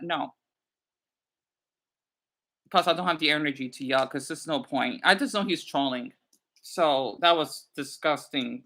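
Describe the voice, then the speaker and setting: A man talking casually to his live stream viewers, his voice sitting fairly high and jumping all over as he rambles. He answers his chat in an animated way and bluntly tells off trolls. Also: normal speed.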